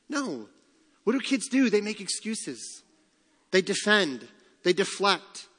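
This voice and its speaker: Pastor, male, high-pitched, conversational preaching with rhetorical questions and light humor, long hall reverb. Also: big pitch swings, a little slow, a bit bright. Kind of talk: sermon.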